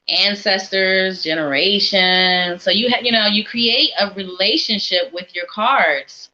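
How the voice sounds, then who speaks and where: Woman, live-stream psychic host, encouraging and chatty, crisp bright tone, muffled lo-fi audio. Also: lowish voice, slow, few pauses. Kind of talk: casual live-stream chat.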